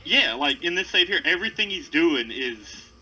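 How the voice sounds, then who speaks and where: A man's voice: on the high side, animated, normal speed, pushed and bright, husky, low-quality recording. A man co-hosting a casual gaming commentary, laid-back and hesitant. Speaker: co-host.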